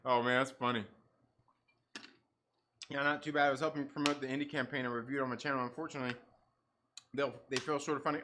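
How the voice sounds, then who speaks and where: A man's voice: medium pitch, unhurried, pauses often, sharp tone. A man hosting a casual livestream, rambling and swearing with lots of "like" and restarts, laughing often. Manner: rambling, profane, many likes and restarts; laughs often while talking. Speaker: livestream host.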